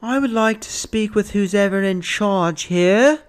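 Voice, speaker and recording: A man voicing a haughty, indignant British woman who complains in a slow, drawn-out, imperious way, with a British accent. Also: high-pitched, clean tone, pitched above the performer's own voice.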